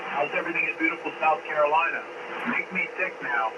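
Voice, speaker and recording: A man's voice: a little high, quick pace. A middle-aged man talks in a friendly, easygoing way over the air. His voice sounds far off and comes through heavy radio noise. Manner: friendly, talkative. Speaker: ham radio operator. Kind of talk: casual radio chat. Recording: distant voice over a loud, noisy radio link.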